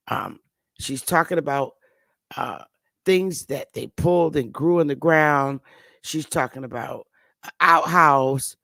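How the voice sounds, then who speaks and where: A woman with a Northern US accent giving blunt, animated, casual commentary as host, swearing freely. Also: sits low, gravelly, no room sound. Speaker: channel host.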